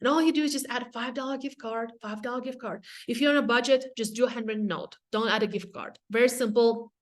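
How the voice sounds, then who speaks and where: A woman from Russia with a Russian accent, giving a casual, energetic webinar talk on real estate, with quick asides to the audience. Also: a little high. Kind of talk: casual presentation.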